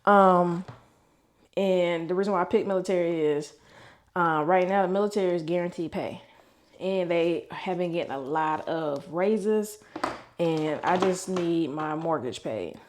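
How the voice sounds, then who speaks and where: A woman's voice: lowish voice, unhurried. A woman in her thirties talking candidly to camera in a casual vlog, venting about her week and swearing freely. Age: 30s. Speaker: vlogger.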